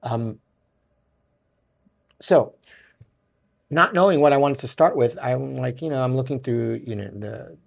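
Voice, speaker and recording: Gravelly rambling man with a Brooklyn accent. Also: mid-range voice, a little slow, long pauses. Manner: rambling, self-correcting, chuckles often. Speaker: podcast host. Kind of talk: casual solo podcast talk.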